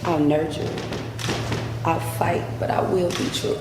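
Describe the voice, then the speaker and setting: A woman's voice: sits low, level tone, a little slow, gravelly, over loud music. A woman reading heartfelt wedding vows in an earnest, heartfelt manner. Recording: echoey hall with loud ambience.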